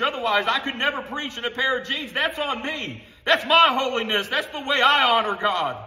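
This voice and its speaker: A man with a high, very bright and forceful voice preaches a fervent sermon. He drives each point home with "Amen" and stumbles into restarts as he goes. The sound rings off the hard walls of a home garage. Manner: impassioned, repeats "Amen" and "honey", stumbles into restarts. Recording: echoey garage room sound.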